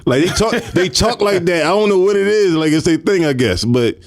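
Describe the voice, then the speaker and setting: A man's voice: high voice, a little fast. A man co-hosting a podcast in casual chat, telling stories with voiced quotes and frequent laughter. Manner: laughs a lot, animated storytelling with voiced quotes. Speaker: podcast co-host.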